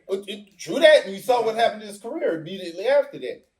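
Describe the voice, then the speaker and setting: An animated man holding forth in a casual podcast chat. His voice sits fairly high and swings widely in pitch as he acts out other people's lines. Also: fast. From Africa. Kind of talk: casual discussion.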